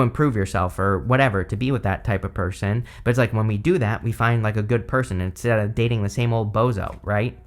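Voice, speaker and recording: A man in his thirties with a slightly hoarse voice, casually talking through a tarot reading, rambling and filling his speech with "like" and "you know". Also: medium pitch. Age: 30s. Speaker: tarot reader.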